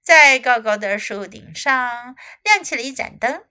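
Slow, bright-voiced woman reading a storybook. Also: on the high side, clear, resonant tone. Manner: expressive, slow and deliberate. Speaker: English teacher.

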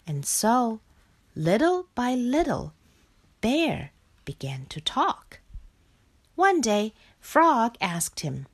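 A woman reading a children's picture book aloud, slow and expressive. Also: mid-range voice. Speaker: storyteller.

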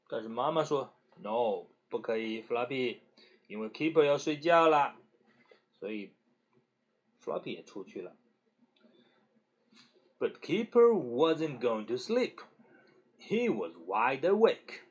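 A man reading a bedtime story to a child, slow and gentle with lots of hesitant fillers. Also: medium pitch, big pitch swings.

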